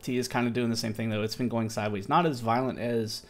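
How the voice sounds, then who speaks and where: A man's voice: medium pitch, steady tone, quick pace. A tired man hosting a casual livestream market review, talking loosely with slang and restarting his sentences. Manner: rambling, loose, self-correcting, slangy. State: tired and yawning. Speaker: crypto market stream host.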